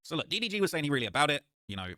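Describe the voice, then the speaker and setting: Fast, lively-voiced male podcast host. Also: a little high, no room sound, clean studio sound. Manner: animated, repeats "okay" and "so look". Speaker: podcast host recapping clips. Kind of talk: fast commentary over clips.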